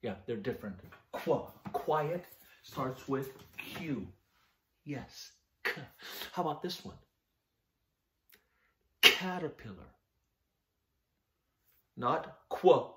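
A man teaching a phonics lesson to young children, sounding out words slowly and with exaggerated care. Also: fairly high pitch, a bit bright. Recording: roomy echo.

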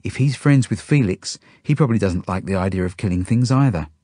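A man voicing a kind-hearted but stern woman who looks after children, speaking higher and more slowly than his narration. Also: dark tone, no echo, clean studio sound, lightly acted. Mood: gentle. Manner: sterner and slower, pitched up.

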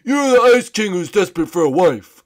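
A man voicing a blunt, offbeat female rag-doll princess in a flat, offhand way. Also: sits high, fairly quick.

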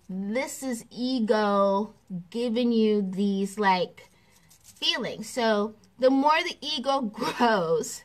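A woman spiritual teacher giving a casual class, animated and repetitive, laughing and acting out examples. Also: on the high side.

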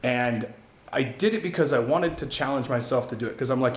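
A man's voice: medium pitch, a little fast, echoey room. A man who makes gaming videos, talking casually and candidly to camera in a rambling vlog, swearing now and then. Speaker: gaming YouTuber.

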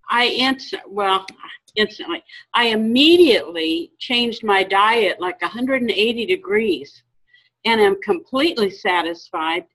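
Woman, audience member, earnest, halting, middle pitch. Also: a bit bright, rough recording. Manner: earnest, halting, restarts often. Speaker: workshop attendee. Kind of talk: sharing a personal story.

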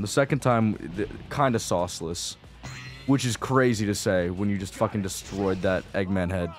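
A young man giving casual, profane gameplay commentary as a video creator, rambling and frustrated, dropping to mutters and then bursting out. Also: medium pitch. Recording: faint game music behind.

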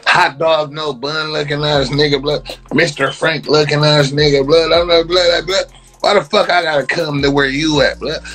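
A man's voice: fairly high pitch, fairly even intonation, normal speed, a bit bright, soft background music. A man ranting on a livestream, heated, repetitive and mocking.

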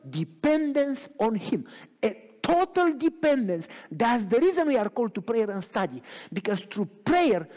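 Animated preaching man in a reverberant church. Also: sits high. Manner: animated preaching with frequent rhetorical questions. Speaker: pastor. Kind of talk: sermon. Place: church sanctuary.

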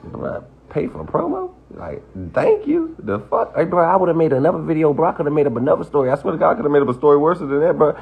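A man's voice: on the high side, very animated, quick pace, gravelly, few pauses, slightly rough, phone-quality sound. A man delivering a defiant, profane livestream rant, repeating himself as he dismisses the people criticizing him. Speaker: social media personality.

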